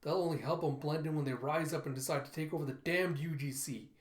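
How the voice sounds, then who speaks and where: A man voicing a grumpy, paranoid old father who grumbles gruffly in a comic readthrough. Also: fairly high pitch, quick pace, echoey room, natural voice. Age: older.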